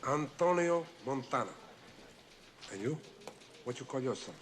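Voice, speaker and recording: An actor playing a swaggering, profane Cuban immigrant gangster in a film clip, with a Cuban accent. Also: male voice, medium pitch, expressive, measured pace, slight background noise, natural voice. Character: brash ruthless Cuban immigrant gangster, male adult. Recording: film soundtrack clip with music.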